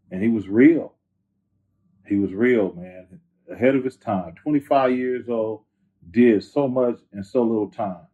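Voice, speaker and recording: A husky-voiced man from the Bay Area talks in a loose, animated way, dropping slang and "you know" between every thought. His voice comes through a narrow, phone-like line, thin and boxy. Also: medium pitch. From Bay Area, California. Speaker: rapper guest. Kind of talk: casual interview storytelling.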